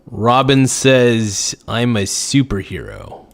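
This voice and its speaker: A man's voice: medium pitch, wildly swooping pitch, creaky. A man hosting a casual livestream, reading out viewer comments and joking back with sudden outbursts. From United States. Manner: joking, riffing, slow drawl with sudden outbursts. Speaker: livestream host.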